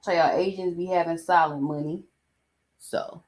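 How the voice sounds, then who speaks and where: A woman's voice: fairly low pitch, steady tone, normal speed, darkish tone. A woman hosting a podcast, giving casual commentary in a blunt, exasperated, chatty way. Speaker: podcast host.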